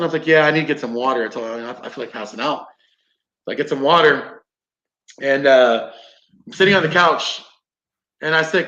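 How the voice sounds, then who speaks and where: A combatives instructor, guesting on a podcast, tells a casual story full of swearing and acted-out quotes. His mid-range voice is sharp and a little fast, broken by long pauses, and the lo-fi recording sounds roomy and dull.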